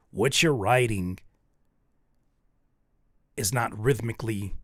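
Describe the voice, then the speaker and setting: A man's voice: lowish voice, dry recording, clean studio sound. Man coaching, thinking aloud. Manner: thinks aloud, searching for words and restarting; analytical, coaching tone. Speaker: music reviewer. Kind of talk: casual spoken feedback.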